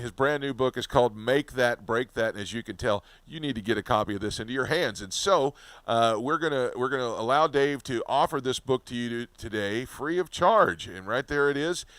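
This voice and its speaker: A man hosting an interview, asking halting questions and reading an upbeat book offer. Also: medium pitch, a bit bright, dry recording. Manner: hesitant questions with fillers and restarts, upbeat promo reads. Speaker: host.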